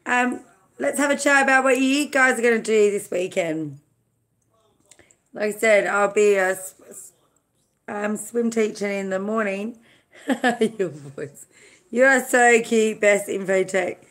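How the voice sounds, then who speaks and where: A woman from Australia chats on a live stream in a bright voice with a clear edge. She rambles easily, fills gaps with hesitations and greets her viewers one by one by name. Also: mid-range voice, measured pace, long pauses. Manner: chatty, greets viewers by name, many fillers. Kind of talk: casual live-stream chat.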